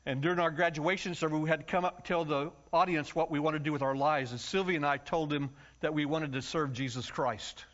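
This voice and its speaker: Animated high-voiced preacher man. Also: a little fast, hardly any pauses. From United States. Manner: animated, acts out voices and yells for comic effect. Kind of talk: storytelling sermon. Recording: dull lo-fi sound.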